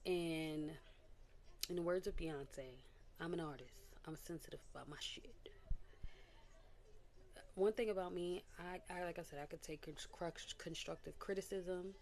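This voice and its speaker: Her voice on the low side and her pace moderate, a young woman vlogger shares a candid personal testimony in casual vlog style. She's animated, voicing other people's words and letting out little laughs.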